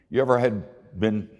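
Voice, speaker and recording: An older man preaching a sermon, telling folksy, self-deprecating stories in an expressive way. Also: on the low side, in a large hall. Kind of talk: sermon with storytelling.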